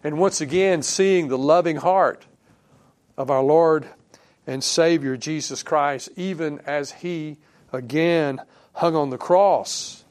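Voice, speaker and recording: A male preacher giving a sermon in a conversational way, thinking aloud with fillers and restarts and quoting scripture in a softer voice. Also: a little high, slow pace. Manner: quotes scripture in a softer, dropping voice.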